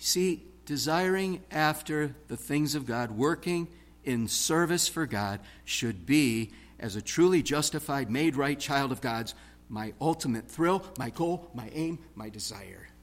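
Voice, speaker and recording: Slow, emphatic male preacher. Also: medium pitch, expressive. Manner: rhythmic preaching with wide swings from loud stress to hushed tones. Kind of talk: sermon.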